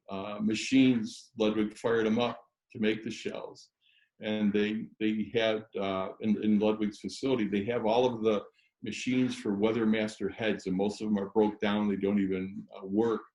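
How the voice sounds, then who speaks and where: A man's voice: fairly low pitch, darkish tone, reverberant, rough recording. A man telling stories as a guest on a chat show, rambling with many restarts and fillers. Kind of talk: casual storytelling chat.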